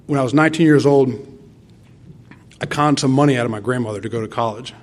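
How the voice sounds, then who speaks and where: A man's voice: medium pitch, fast talker. A middle-aged man from Tennessee giving an earnest, rambling personal testimony at a recovery meeting, acting out quoted dialogue as he goes.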